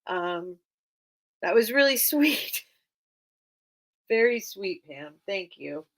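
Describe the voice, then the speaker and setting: A woman's voice: mid-range voice, big pitch swings, slow, fairly bright tone, low-quality recording. A woman hosting a live online vintage sale, chatting casually and rambling as she reads comments and counts down bids. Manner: chatty, rambling, easily touched. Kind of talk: casual live-stream auction chat. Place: cluttered room at home.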